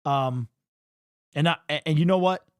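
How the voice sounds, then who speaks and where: A young man hosting a fan livestream postgame show, talking excitedly and casually to his chat in slang. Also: a little high, moderate pace, smooth, no room sound, studio quality. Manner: excitable, slangy, talks straight to the chat with lots of "bro".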